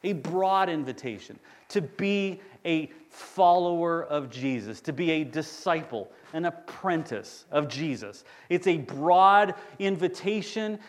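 A man's voice: a little high, animated, measured pace, hardly any pauses. Conversational man preaching a sermon. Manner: conversational, storytelling with audience questions. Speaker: campus pastor. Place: church sanctuary.

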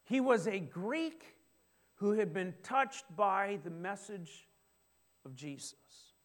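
A middle-aged male pastor preaching a sermon in a church, lively and joking, often asking the congregation questions. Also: high-pitched, slow pace. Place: church sanctuary.

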